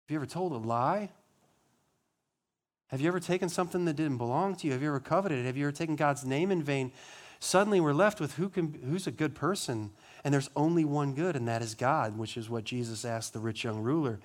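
Male pastor, slightly high voice, sermon delivery with rhetorical questions and hushed solemn drops. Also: a little fast. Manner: rhetorical questions, rising emphasis on key words; drops to a low, quiet voice on solemn lines.

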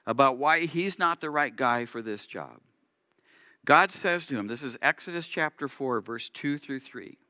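A male rabbi preaches a sermon, explaining as he tells the story and acting out its quotes. His voice is forceful and tense. The sound is close and dry. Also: fairly high pitch, no echo.

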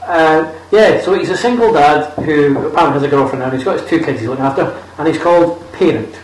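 A man's voice: on the high side, quick pace. A man in casual, sweary chat about a film, making mocking asides. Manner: crude, mocking, chuckling asides. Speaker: podcast co-host. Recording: echoey room, far from the mic.

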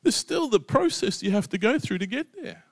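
A man's voice: very high-pitched, very animated, moderate pace, gravelly, no room sound, studio quality. A middle-aged man preaching a sermon in a conversational way, often checking in with "right?" and "you know". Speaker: pastor.

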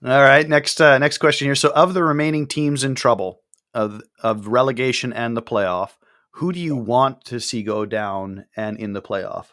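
A man's voice: medium pitch, steady tone, normal speed, fairly bright tone, no echo, studio quality. A man hosting a casual podcast chat, reading out listener questions and leading the talk. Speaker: podcast host.

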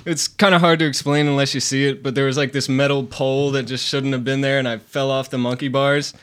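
A man's voice: medium pitch, flat delivery, brisk, a bit bright, smooth. A man telling a laid-back story in a casual podcast chat. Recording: noisy background.

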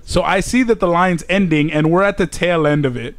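A man's voice: on the high side, fairly quick. A man hosting a podcast, telling a long story in casual chat, swearing often and laughing. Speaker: podcast host.

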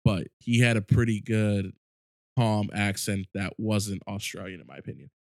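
A man co-hosting a podcast in casual chat, telling stories in animated, excited bursts. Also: fairly low pitch, moderate pace, vocal fry, no room sound, studio quality. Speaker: podcast co-host.

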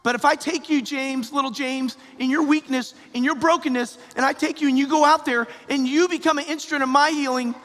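A man's voice: extremely high pitch, steady tone, a little fast, hardly any pauses, a bit bright. A male parish priest preaching a homily in a conversational, repetitive way that rises to emphatic calls. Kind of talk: sermon. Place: church. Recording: long church reverb.

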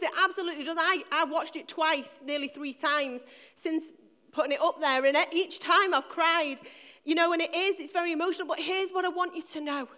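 A woman's voice: very high-pitched, bright, forceful tone. A middle-aged woman preaching an Easter sermon to her church, telling a personal story and building to emphatic, repeated lines.

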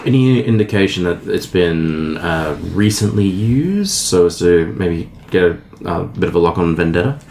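A man playing a tabletop game, chatting in a measured, helpful way. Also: sits low, animated, gravelly, darkish tone. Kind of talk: casual chat. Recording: roomy echo with faint background noise.

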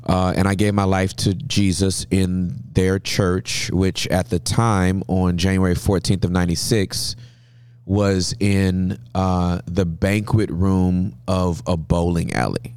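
Low-voiced storytelling man in his forties. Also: takes it slowly, clear, resonant tone, dry recording. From Southern California, US. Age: 40s. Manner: humorous, lively storyteller. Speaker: guest pastor. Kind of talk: interview storytelling.

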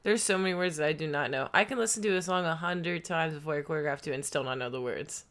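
Bright-voiced young co-host, teasing. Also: medium pitch, quick pace. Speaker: co-host, partner of host. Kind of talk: casual chat.

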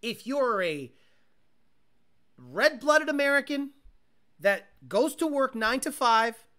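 Bright-voiced man ranting casually. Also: very high voice, takes it slowly. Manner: profane, rambling, animated storytelling. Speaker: livestream host. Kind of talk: casual chat.

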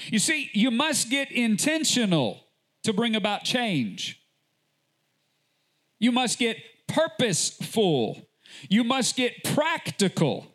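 A man pastor delivering a sermon at an unhurried pace. His voice sits high and climbs higher when he presses a point. He drives his message home with repeated rhetorical questions. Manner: slow, deliberate delivery with sudden rises in pitch.

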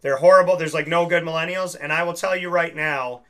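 A young man with a bright, fairly high voice talks in a loose, rambling way. He hosts a casual chat and tells long stories, and he acts out the lines of the people he quotes. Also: steady tone, a little fast. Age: young adult.

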